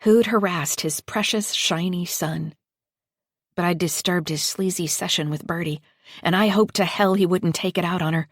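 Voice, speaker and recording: A woman with a lowish voice reads a first-person thriller audiobook in a measured, deliberate way. The recording is dry and close, with no room sound. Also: no room sound. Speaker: audiobook narrator. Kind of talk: scripted narration.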